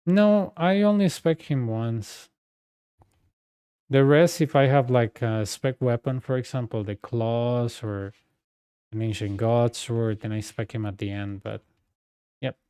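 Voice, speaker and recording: A man's voice: medium pitch, a little slow, dark tone, clear, resonant tone, dry recording, studio quality. A young man streaming a game, chatting casually and telling stories in a loose, conversational way. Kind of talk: casual chat while playing a game.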